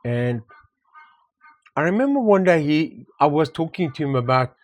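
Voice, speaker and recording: A man's voice: on the high side, sing-song, normal speed, darkish tone, highs cut off. A man co-hosting a property discussion, talking casually and reflectively, telling anecdotes and repeating words for emphasis. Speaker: property market co-host. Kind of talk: casual conversation.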